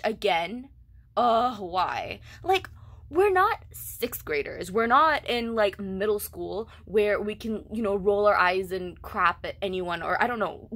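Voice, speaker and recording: Young woman venting to camera, first language Tamil; fast, fed-up, chatty rant. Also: mid-range voice, gravelly. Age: young adult. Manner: animated, exasperated ranting with frequent "like" and "okay". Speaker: vlogger. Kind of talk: casual ranting vlog.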